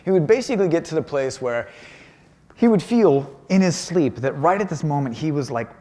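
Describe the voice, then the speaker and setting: A man gives a lecture in a university auditorium, joking at his own expense as he talks through his paintings. His pitch swings widely from line to line, and he keeps up a lively, storytelling energy throughout. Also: moderate pace, big-room sound. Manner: animated and self-deprecating, acts out quoted voices. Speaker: visiting artist giving a lecture. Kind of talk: humorous public talk with slides.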